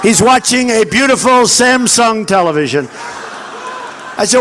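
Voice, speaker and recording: Older guy yelling a campaign speech outside, super high pushed voice, brags, repeats himself, acts out quotes. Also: animated, a little slow, slight background noise. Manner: boastful, repetitive, acting out quoted dialogue; shouting to a large crowd. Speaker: political candidate at a campaign rally. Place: large outdoor fairground rally.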